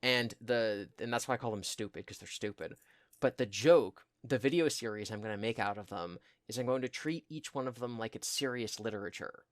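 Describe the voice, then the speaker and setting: A man's voice: medium pitch, fairly quick, no echo, studio quality. A man co-hosting a podcast, casually recounting a story in a rambling way, full of fillers and mocking quoted voices. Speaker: podcast co-host. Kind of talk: casual chat, retelling a story.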